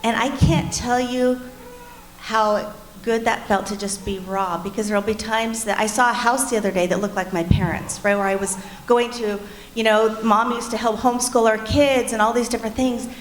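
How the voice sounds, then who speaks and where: A woman's voice: a little high, fairly even intonation, normal speed. A middle-aged woman co-teaching a church marriage class, telling personal stories candidly and speaking straight to the group. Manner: candid, storytelling, addresses the class directly. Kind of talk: earnest personal teaching talk. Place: church meeting room. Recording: echoey room with faint noise.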